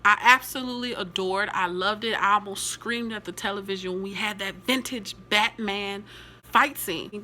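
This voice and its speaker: Bright-voiced chatty woman reviewer. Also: mid-range voice. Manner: enthusiastic, chatty, animated asides. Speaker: TV episode reviewer. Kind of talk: casual video review.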